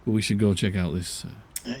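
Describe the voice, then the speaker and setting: A man's voice: on the low side, fairly even intonation, a little fast, a little mellow, slightly rough. A man playing a tabletop game, casual and laughing, swearing offhandedly. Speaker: player.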